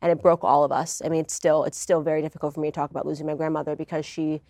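A woman's voice: deep voice, little pitch movement, rapid-fire, a little mellow, no echo. A woman from the United States, a guest in a conversational interview, talking in a confident, earnest and reflective way.

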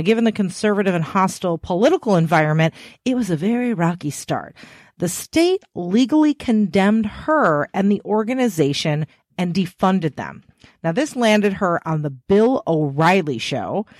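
A woman's voice: fairly low pitch, dry recording, studio quality. A woman hosting a podcast alone, playful and cheeky, swearing freely, a bit tired. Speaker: podcast host. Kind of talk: casual solo podcast chat.

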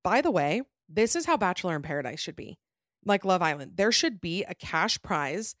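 A woman's voice: on the low side, sing-song, a bit bright, no echo. Chatty gossiping woman, dry close mic. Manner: chatty, gossipy and self-mocking, with quick asides. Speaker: podcast host. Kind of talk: casual chat.

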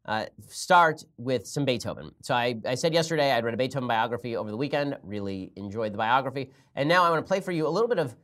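A man's voice: medium pitch, fairly bright tone. A man hosting a podcast, talking at length in a conversational, explaining way. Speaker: podcast host. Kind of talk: political commentary podcast.

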